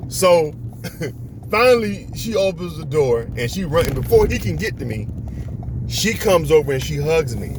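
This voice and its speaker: Man from Florida, casual animated storyteller, lively higher voice, street noise. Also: moderate pace. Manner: animated, acts out voices, laughs often. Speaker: vlogger. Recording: outdoor street and traffic noise.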